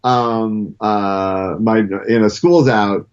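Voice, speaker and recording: A man's voice: on the low side, steady tone, very slow, clean tone. A middle-aged man in casual chat as a guest, telling stories animatedly and often stammering and restarting his sentences. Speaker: comic book writer guest. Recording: dull lo-fi sound.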